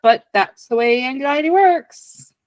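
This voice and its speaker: Animated, candid woman podcast host. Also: high voice, unhurried, no room sound. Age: 40s. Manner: candid and animated, swearing freely, acting out her inner voices. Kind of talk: casual podcast conversation.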